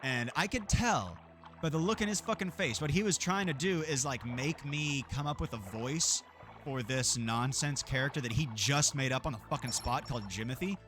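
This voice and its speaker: A man's voice: medium pitch, normal speed, a bit bright, faint music behind. A man streaming a game, chatting casually in a rambling, profane way and laughing often. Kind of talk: casual gameplay chat.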